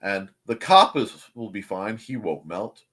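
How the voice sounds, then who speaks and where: A man's voice: fairly low pitch, lively intonation, unhurried, fairly bright tone. A man hosting a casual live morning stream, rambling through chat greetings with jokey, self-deprecating asides. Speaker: host of a live morning show.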